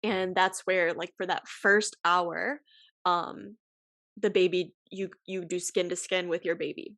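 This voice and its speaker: A woman's voice: lowish voice, steady tone, measured pace, a bit bright, no room sound. A young woman hosting a podcast, telling a personal story in a casual, emotional way, with many sighs and fillers, at times close to tears. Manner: emotional, sighing, filler-heavy. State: tearful. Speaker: podcast host.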